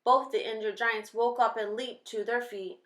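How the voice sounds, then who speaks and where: A woman's voice: on the high side, moderate pace. Woman reading a children's story. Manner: steady expressive storytelling. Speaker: reader. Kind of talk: reading a children's novel aloud. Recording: roomy echo.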